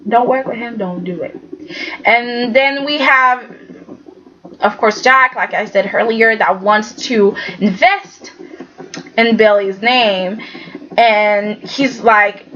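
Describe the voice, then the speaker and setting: Slow, chatty woman reviewing a soap, lo-fi. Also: a little high, a bit bright, slight background noise. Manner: chatty, exasperated, acts out characters' lines. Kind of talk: casual recap vlog.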